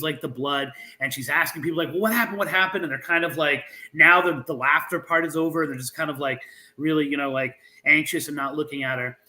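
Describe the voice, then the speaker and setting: The recording is rough, capturing a man whose voice is on the high side. As a guest author and researcher in an interview, he animatedly narrates a local legend, frequently restarting and filling pauses with fillers.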